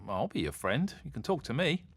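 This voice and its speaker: An excitable, kind-hearted young boy, his voice lifted high and bouncing with feeling, as a man reads him aloud. The delivery is animated and the sound dry and close. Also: fairly quick, slightly rough, dry recording. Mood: earnest. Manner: bright, shouty and excitable.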